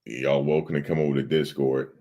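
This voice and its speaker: A man's voice: very deep voice, level tone, a little fast, warm tone, dull audio. A man hosting a livestream, rambling in casual chat and talking straight to his viewers in the chat. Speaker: livestream host.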